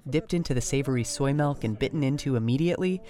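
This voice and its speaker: A man narrates his podcast in a measured, descriptive way. His pitch sits in the middle of the range. Each line is carefully scripted. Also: warm tone.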